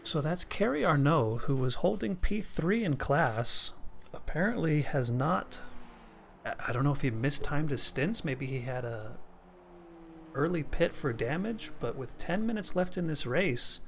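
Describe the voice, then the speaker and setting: A man from North America doing sim racing play-by-play commentary, animated and joking. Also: on the high side, unhurried, creaky, slight background noise. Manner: animated, joking, easy laughs. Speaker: lead commentator.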